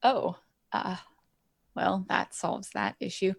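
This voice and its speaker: Brief: slow, hesitant female player, giggly, dry close mic. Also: mid-range voice, fairly even intonation, vocal fry, husky, no echo. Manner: hesitant, giggly, many fillers. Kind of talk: tabletop role-play.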